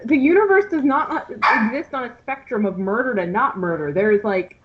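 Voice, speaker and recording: A woman's voice: fairly high pitch, animated, normal speed. A woman on a casual podcast video call, argumentative and teasing, coming through dull call audio. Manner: argumentative, teasing, talks in bursts.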